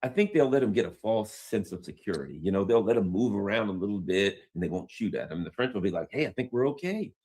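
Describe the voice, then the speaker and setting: A man giving casual, jokey news commentary in an animated, slangy way. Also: on the low side, fast talker, few pauses, slightly rough.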